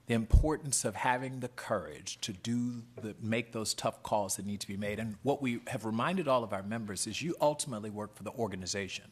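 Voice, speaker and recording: Emphatic middle-aged man testifying, husky. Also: fairly low pitch, a little fast, few pauses. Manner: earnest, emphatic, speaks in short punchy statements. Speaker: head of a professional HR association testifying. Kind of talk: committee hearing testimony.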